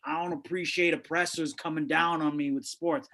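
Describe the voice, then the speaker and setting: A man performs stand-up from his home over a video call, his voice sitting a little high. He punches out brash, swearing jokes in a quick rhythm. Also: fairly even intonation, creaky, background noise. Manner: brash, punchy joke delivery with frequent swearing. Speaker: stand-up comic. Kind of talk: stand-up set at an online open mic. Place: home, indoors on carpet.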